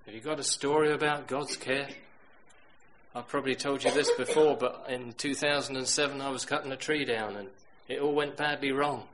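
A middle-aged man preaching a sermon, telling stories that swing from loud emphatic bursts to hushed quiet lines. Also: mid-range voice, steady tone, moderate pace, a little hiss or hum, rough recording.

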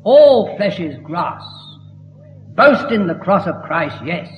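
A man's voice: high-pitched, very animated, takes it slowly. A man preaching a sermon, emphatic and building to fervent declamation. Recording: echoey hall, dull lo-fi sound.

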